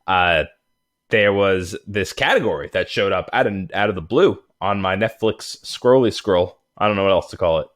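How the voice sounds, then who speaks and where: A man with a lowish voice co-hosts a casual movie podcast. He rambles animatedly, stacking fillers and false starts as he builds a story. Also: normal speed, a bit bright. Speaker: podcast co-host.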